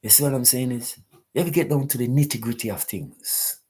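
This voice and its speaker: A man with a lilt talks on his live stream in a husky, slightly breathy voice, his pitch sitting at an ordinary middle height. He lectures with an emphatic, preachy drive and keeps circling back to rhetorical questions aimed at his listeners. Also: a little fast, darkish tone. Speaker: host of a live talk stream. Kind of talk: live-stream talk, answering chat.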